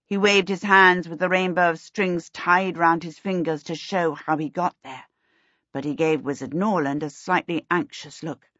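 A woman reading a storybook aloud as narrator in a calm, steady way. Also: lowish voice, normal speed, no echo. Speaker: audiobook narrator. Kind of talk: scripted narration. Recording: slightly dull, dry recording.

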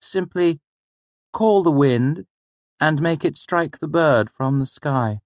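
A man's voice: a little high, lively intonation, takes it slowly, no room sound, voice pushed up. A man voicing a clever, cheeky young male student in an audiobook. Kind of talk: audiobook character voice.

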